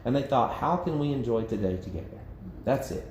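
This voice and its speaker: A man's voice: medium pitch, animated, a little fast, darkish tone. A man leading a church Bible study in a casual, conversational way, acting out quotes and laughing often. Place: church meeting room. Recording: echoey room with faint background noise.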